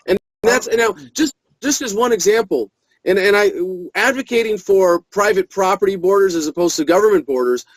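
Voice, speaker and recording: A man's voice: high-pitched, no room sound, poor audio. A man giving an interview as a political activist, talking earnestly and speeding up when he presses a point.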